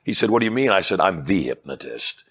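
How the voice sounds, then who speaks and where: A middle-aged man, a hypnotist and persuasion trainer, telling animated stories in an interview and acting out the dialogue. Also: sits low, fast talker, slightly rough. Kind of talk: storytelling interview chat.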